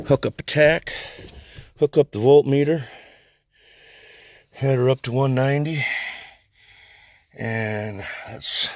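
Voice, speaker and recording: A man's voice: medium pitch, a little hiss or hum. A man rambling casually in his workshop garage about his engine, laid-back and folksy, with some mild cursing. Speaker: garage mechanic vlogger. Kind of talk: casual rambling shop talk.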